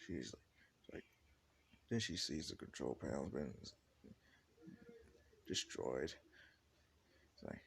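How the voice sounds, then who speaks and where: Very deep, gravelly male storyteller. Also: expressive, slow, long pauses, fairly bright tone. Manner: rambling, casual, full of "like" and restarts. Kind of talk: improvised fan-fiction narration.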